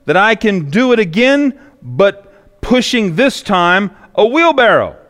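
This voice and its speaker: A man's voice: high voice, big pitch swings, takes it slowly, a bit bright, pitched above the performer's own voice, full character voice. A man voicing a bold showman tightrope walker who challenges a crowd with questions. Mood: challenging. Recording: long echoey reverb.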